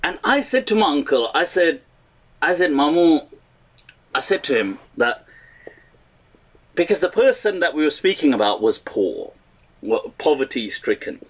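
A male commentator with a slightly husky voice and a lively, swooping pitch. He tells stories and mocks his subject, laughing often and dropping Urdu phrases into his English. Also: moderate pace, pauses often. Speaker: online commentator. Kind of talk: animated storytelling commentary.

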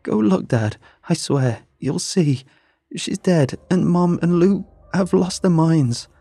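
A man voicing a frantic, horrified young woman who pleads and shouts in panic. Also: mid-range voice, expressive, takes it slowly, vocal fry, husky, dry recording, voice pushed up, full character voice. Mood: hysterical.

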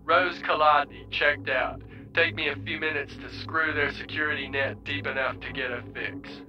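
A man's voice: a little high, level tone, normal speed, faint music behind, close to an everyday voice. A man voicing a laconic dead hacker speaking as a computer construct in an audiobook, heard as dull old tape. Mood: dry.

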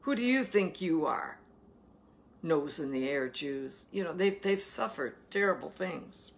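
Low-voiced, slow woman reading scripture. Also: expressive, gravelly. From Ohio, USA. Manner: chatty, asks listeners playful questions between verses. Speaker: daily Bible reader and host. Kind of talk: Bible reading with folksy commentary.

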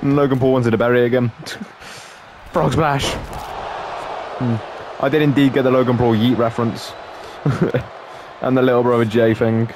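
A man chatting through a wrestling game in casual let's-play style, joking and often laughing. His pitch is ordinary for a man. Clear game noise plays behind him. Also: little pitch movement, moderate pace, pauses often. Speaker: gameplay commentator.

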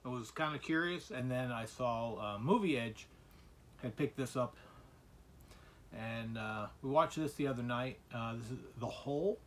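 A man showing the movies he bought in a casual vlog, talking in halting bursts full of "uh" fillers and restarts. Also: mid-range voice, fairly bright tone, a little hiss or hum. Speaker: collector showing his movie purchases.

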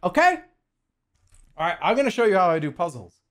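This is a man in his forties with a high-sitting voice, talking in an animated, rapid-fire way. He's putting together a puzzle on a casual livestream, joking and cursing with his viewers.

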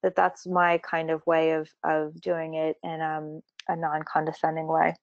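Low, gravelly-voiced woman lecturing. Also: completely flat delivery, unhurried, dry recording. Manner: earnest, frequent "you know" fillers and restarts. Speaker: therapist presenting a training webinar. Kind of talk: conversational webinar lecture. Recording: dull lo-fi dry webinar audio.

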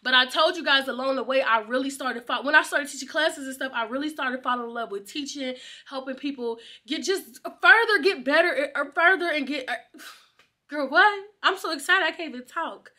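A young woman chats to her vlog camera in a high, bright voice. She is excitable and slangy and laughs easily. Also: normal speed. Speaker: vlogger. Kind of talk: casual vlog chat.

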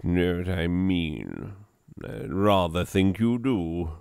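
A man voicing a pompous upper-class English gentleman who solemnly recounts his own absurd deaths in a put-on posh accent. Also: sits low, takes it slowly, gravelly, clean tone, no room sound, studio quality, full character voice. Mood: haughty. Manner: grandiloquent, mock-solemn storytelling.

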